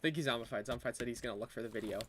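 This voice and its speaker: A man casually chatting with viewers while streaming a game, his voice bright and forward. He laughs often and swears freely, keeping the talk loose and unscripted. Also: mid-range voice, very fast, slight background noise. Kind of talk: casual livestream chat.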